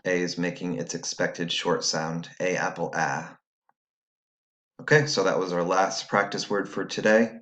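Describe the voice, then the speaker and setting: Man, very deep voice, patient teacher, step-by-step phonics lesson, recorded for students at home. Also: flat delivery, moderate pace, few pauses, a bit bright.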